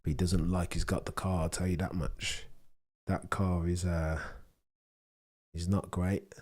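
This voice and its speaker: A man's voice: deep voice, flat delivery, a little slow, darkish tone. A young man hosting a live stream, chatting casually and joking with his chat while reacting to the action.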